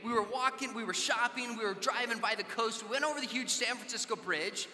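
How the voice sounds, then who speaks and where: High-voiced man telling stories in a hall. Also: brisk, pushed and bright. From Southern California. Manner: conversational, acts out dialogue in anecdotes. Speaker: conference speaker. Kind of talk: storytelling talk to a youth audience. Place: large conference hall.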